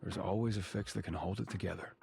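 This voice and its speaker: An actor playing a gruff, guarded male handyman in a video game, speaking in a terse, dry way. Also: deep voice, fairly even intonation, quick pace. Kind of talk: game voice acting. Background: game music.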